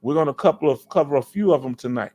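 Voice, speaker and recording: Animated Southern man hosting a live stream. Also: fairly high pitch, quick pace, soft background music. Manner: animated, preachy, keeps asking "you understand?". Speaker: veteran live-stream host. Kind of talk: casual live-stream chat reading comments.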